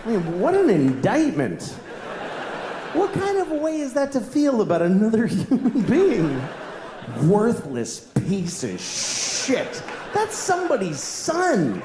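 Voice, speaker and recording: A stand-up comedian ranting with exasperation, his voice high and swinging all over. He works from a stage in an echoey venue, with audience noise loud behind him. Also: wildly swooping pitch, measured pace. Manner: exasperated, building to shouted rants. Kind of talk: stand-up routine.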